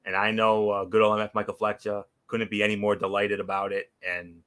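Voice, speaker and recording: Young male recap host, lowish bright voice, excitable, stumbles and repeats words. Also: brisk. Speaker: wrestling show recap host. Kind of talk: casual show recap.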